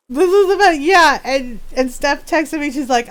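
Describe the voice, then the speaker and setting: A woman streamer telling family stories in a casual, animated way, laughing often and quoting relatives. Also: sits high, takes it slowly, pauses often. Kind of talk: casual storytelling while gaming.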